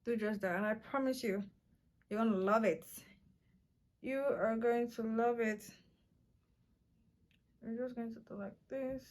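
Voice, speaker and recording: A young woman chatting through a makeup tutorial in a playful way, often breaking into excited exclamations. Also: fairly high pitch, a little slow, long pauses. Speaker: beauty vlogger.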